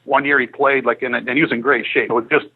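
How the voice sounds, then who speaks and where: A man's voice: mid-range voice, fast, slightly rough, phone-quality sound. A man in his fifties, a former pro hockey player, telling stories on a podcast and acting out the dialogue. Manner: animated storyteller who acts out quoted dialogue. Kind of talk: casual podcast storytelling.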